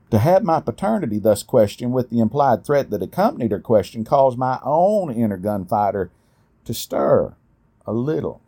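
A middle-aged man telling a personal story in a folksy, unhurried way. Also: medium pitch, lively intonation, mellow, breathy edge. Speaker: storyteller, podcast host. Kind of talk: storytelling narration.

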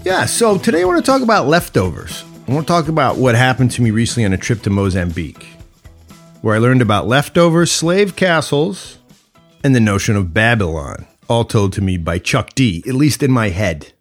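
A man's voice: medium pitch, lively intonation, moderate pace, faint music behind. A man hosting a solo podcast, talking in a playful, reflective way that moves between jokes and musing. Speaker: podcast host.

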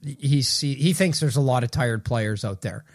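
A man's voice: mid-range voice, normal speed. Rambling man on a podcast. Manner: rambling, self-correcting, loose. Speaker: podcast co-host, hockey writer. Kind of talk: casual podcast chat.

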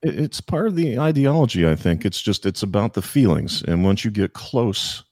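A man with a very low, deep voice, talking as a guest on a political podcast. He is measured and a little hesitant, pausing on fillers before making his points. The sound is dry, with no room echo. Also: animated, darkish tone. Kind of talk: casual political chat.

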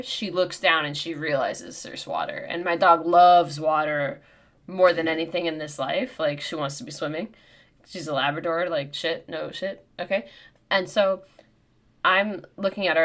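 A woman in her thirties co-hosting a podcast, telling a comic story in an animated, profane way. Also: on the low side. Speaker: podcast co-host. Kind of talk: casual storytelling chat.

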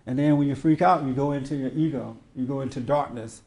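Speaking quickly in a mid-range, slightly mellow voice, this spiritual teacher shares stories with a small gathering in a relaxed, sermon-like talk. He laughs frequently and performs the quoted lines, and the room adds a noticeable echo.

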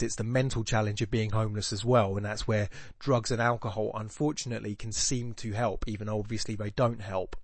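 A man hosts a podcast with a casual reflective monologue, thinking aloud in a thoughtful, rambling way full of restarts. His voice is on the low side, and the recording is dry.

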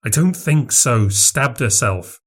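A man's voice: mid-range voice, animated, takes it slowly, breathy edge. A man voicing an impatient, anxious man who fears he is going mad. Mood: impatient uneasy. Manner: impatient, edgy.

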